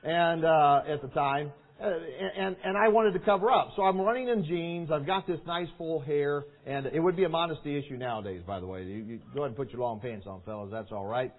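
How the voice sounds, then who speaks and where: A male preacher with a slightly high voice tells a story to a youth crowd and acts it out with energy. He bursts into shouts and sound effects. The recording is thin and tinny, like a phone line. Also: a little fast, few pauses. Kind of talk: storytelling sermon. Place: large meeting hall.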